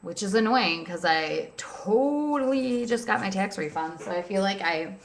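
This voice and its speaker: A woman's voice: medium pitch, expressive, measured pace, roomy sound. A young woman venting in a casual vlog, chatty and cranky, filling her talk with "like". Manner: chatty, frequent "like" fillers, frustrated and cranky. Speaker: vlogger. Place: at home, seated with a cat on her lap.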